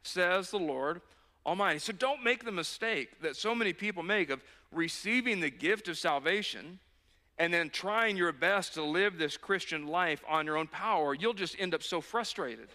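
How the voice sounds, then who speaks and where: A man's voice: high voice, lively intonation, normal speed, bright, forceful tone. A man preaching a sermon as a pastor, earnest and urging, repeating phrases for emphasis. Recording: long hall reverb.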